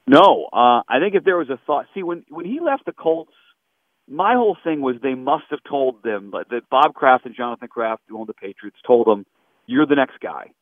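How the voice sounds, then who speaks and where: A man's voice: medium pitch, moderate pace, dry recording. A man, a sports radio host talking animatedly and emphatically in a phone-in chat. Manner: animated, emphatic, mimics callers. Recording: tinny phone line, dry.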